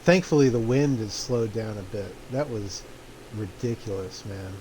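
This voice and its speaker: A laid-back man chats loosely while he plays a flight game, his mid-pitched voice mellow and relaxed. His talk wanders and he chuckles now and then. A faint hum sits under the desk-mic sound. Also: a little slow, rough recording. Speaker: streamer playing a flight simulator. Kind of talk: casual gameplay commentary.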